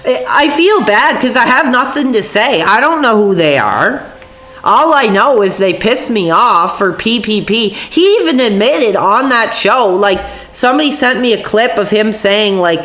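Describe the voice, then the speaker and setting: A woman streamer rants to her chat while sick, her sore voice angry, profane and rambling. It's on the high side, expressive and fairly bright, moving a little slowly. Faint music plays in the echoey room.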